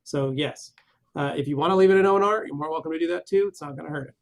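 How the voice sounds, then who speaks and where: Gravelly man reading viewer questions. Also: a little high, very fast. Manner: reads viewer comments then answers in relaxed, rambling chat. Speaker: guest answering viewer questions. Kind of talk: casual live Q&A, reading comments aloud.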